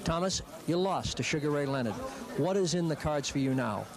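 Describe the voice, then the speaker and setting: A man's voice: fairly high pitch, expressive, brisk, a crowd in the background. A man interviewing a boxer, stressing words and pressing with pointed questions. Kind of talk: sports interview.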